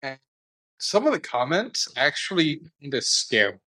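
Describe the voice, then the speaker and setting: A man's voice: fairly high pitch, sing-song, normal speed, pushed and bright, low-quality recording. A man co-hosting a casual podcast, talking in a laid-back, rambling way with lots of fillers. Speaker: podcast co-host. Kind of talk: casual chat.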